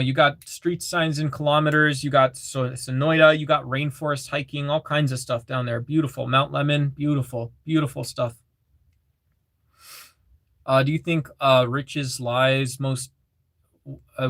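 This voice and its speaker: A man in the middle pitch range chats casually on his livestream, greeting viewers and reading their comments aloud, often repeating himself and filling pauses with um and uh. His voice sounds close and dry, with no room echo. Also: fairly even intonation, a bit bright. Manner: reads chat aloud, repeats phrases, many fillers.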